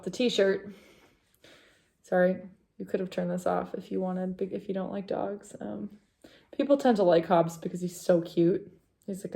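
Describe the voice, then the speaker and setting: A woman's voice: lowish voice, gravelly, warm tone. A young woman hosting a knitting vlog, chatting casually to camera in a rambling way, with many fillers and asides to her dog.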